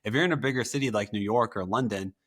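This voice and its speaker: A man in his forties hosting a casual podcast chat, relaxed, acting out little quotes as he talks. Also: lowish voice, fast. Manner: relaxed, frequent yeahs, plays out quotes. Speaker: podcast host.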